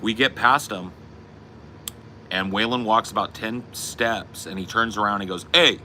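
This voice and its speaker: Man, podcast host, casual profane storytelling, bright tense tone, lowish voice. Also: slight background noise. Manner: profane, laid-back, animated storytelling.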